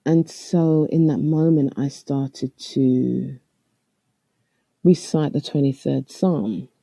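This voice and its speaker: A man hosting a travel podcast, recounting a personal story in a reflective, halting way with restarts. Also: mid-range voice, fairly even intonation, gravelly, warm tone, no echo. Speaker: podcast host. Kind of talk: storytelling monologue.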